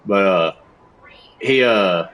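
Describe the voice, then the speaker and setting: A man's voice: lowish voice, slow, a bit bright, a little hiss or hum, poor audio. A young man streaming a game on a headset mic, telling stories in a laid-back, casual way with lots of swearing. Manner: laid-back storytelling, heavy swearing, frequent laughs. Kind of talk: casual chat while gaming.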